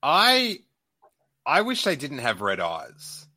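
Bright-voiced New Zealand man hosting. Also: a little high, huge pitch swings, dry recording. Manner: halting, restarts often. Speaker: podcast host. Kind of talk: casual panel chat.

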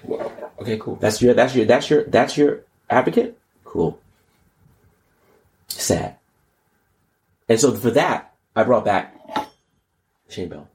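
A man hosting a casual comedic news podcast, slangy and animated, often jumping into high mocking voices. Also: measured pace, pauses often. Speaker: podcast host.

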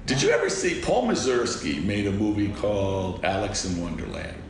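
A man telling an animated anecdote as a film director guest in a casual interview, laughing often. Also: lowish voice, moderate pace, slight background noise. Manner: animated storyteller who laughs a lot. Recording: roomy with crowd chatter.

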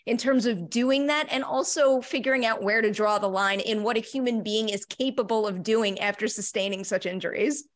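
A woman's voice: a little high, normal speed, few pauses. A woman interviewing an actress, enthusiastic and effusive. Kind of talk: casual interview.

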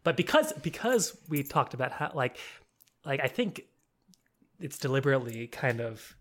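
A man's voice: mid-range voice, moderate pace. A man in casual conversation, recapping a film with frequent laughter and many restarts. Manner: animated, laughs often, stumbles and restarts.

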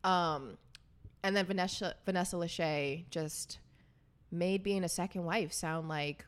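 A woman's voice: fairly low pitch, measured pace, clean tone. A young woman hosting a podcast, chatting casually with her sister and laughing often. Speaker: podcast host. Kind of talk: casual chat.

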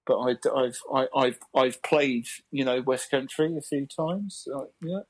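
A man's voice: mid-range voice, a little slow, low-quality recording. A man who is an actor, a podcast guest chatting casually, often stammering and restarting his sentences.

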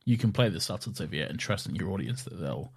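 A man's voice: low voice, expressive, fast talker, breathy edge. A young man co-hosting a podcast, teasing his co-host and laughing often in casual chat.

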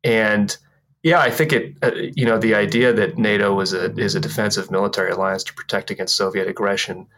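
A man speaking as a researcher guest on a podcast, halting and full of restarts. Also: on the low side, fairly even intonation, fairly bright tone. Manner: halting, many restarts and fillers. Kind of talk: casual chat.

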